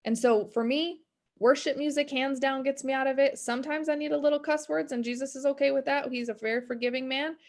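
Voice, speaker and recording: Woman, thirties, business coach, candid, rambling, faith talk, slightly high voice. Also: fairly even intonation, a little fast, darkish tone. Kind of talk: casual motivational talk. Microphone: video call.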